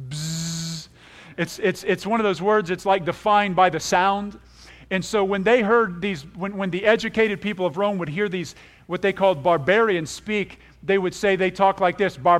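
A man preaching a folksy, animated sermon, often laughing and saying amen. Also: high voice, moderate pace. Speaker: pastor.

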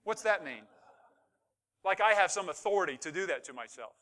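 A man's voice: sits high, animated, a little fast, bright, forceful tone. A man pastor preaching a sermon with rising fervor, asking the congregation for responses.

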